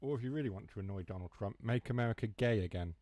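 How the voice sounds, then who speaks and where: A train sim streamer from near Mansfield, England talks very fast in a broad Huthwaite, Nottinghamshire accent, letting H's and T's fall away. His voice sits low with a slightly mellow quality, and he wanders through jokey asides in relaxed stream chat. The sound is dry and close, with no room around it.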